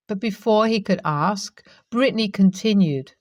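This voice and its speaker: A woman reading a first-person story as scripted narration, in a steady, even way. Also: medium pitch, unhurried, dry recording, studio quality.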